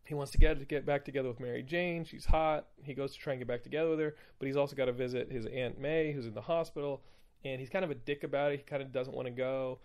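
Young man, gravelly voice, casual profane comic recap, rambling with lots of fillers. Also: mid-range voice, steady tone, fast, darkish tone. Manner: profane, rambling, full of fillers and self-corrections. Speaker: comic book commentator.

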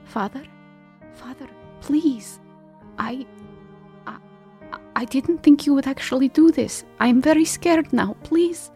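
A player voicing a frightened young woman in a tabletop game, pleading in a high, soft voice that wavers between fear and defiance. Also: moderate pace, soft background music, lightly acted. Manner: pleading and trembling, later defiant.

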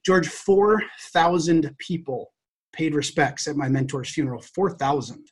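A man, an educator, telling a personal story to a podcast host in an earnest, heartfelt way, often halting and restarting his sentences. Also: on the high side, husky. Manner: acts out quoted dialogue.

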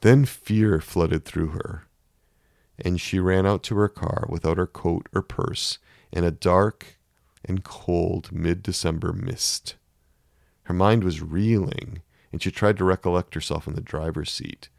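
A man reads a story aloud in a measured, emotive way. His voice is very deep and slow, with a gravelly fry. The recording is dry and close. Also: steady tone, darkish tone, no room sound. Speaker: narrator. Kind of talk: story reading.

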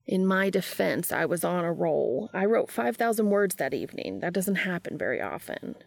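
A woman voicing a shy, gentle young man in a hushed, breathy whisper while reading a story aloud. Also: on the low side, very animated, moderate pace, no room sound, heavily acted. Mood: tender.

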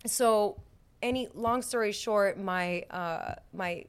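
A young woman speaks as a guest in a relaxed interview. She tells her story in a lively, chatty way. Her talk is full of "like" and "you know" fillers. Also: mid-range voice, slow pace, smooth.

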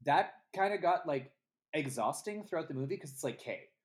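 Animated podcast co-host reviewing a film. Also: mid-range voice, normal speed. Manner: animated, acts out scenes in quoted voices. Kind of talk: casual movie review chat.

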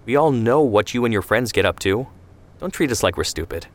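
A man voicing a sharp-tongued young sister who speaks bluntly and with scorn, read as part of a story. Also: mid-range voice, lively intonation, brisk, close to an everyday voice. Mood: scornful. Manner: blunt, cutting.

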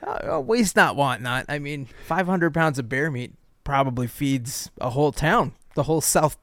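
A man co-hosting a casual comedy podcast, chatty and quick to laugh, reading out news items between jokes. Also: medium pitch, a bit bright, no room sound, studio quality. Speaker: podcast co-host.

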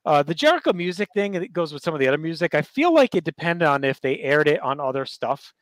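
A man co-hosting a podcast, giving relaxed, conversational commentary with fillers. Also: a little high, fast talker, no echo. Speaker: podcast co-host. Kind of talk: casual chat.

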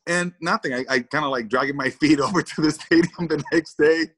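A man's voice: on the high side, a little fast, fairly bright tone, husky, rough recording. A man, a former baseball player, telling a story in an interview with lots of repeated words, acted-out quotes and laughter.

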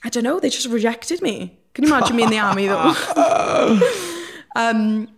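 A young Welsh-accented woman appears as a guest, telling stories from her past in a frank, rambling, casual way full of fillers. Her voice is a little high, animated, creaky and quick.

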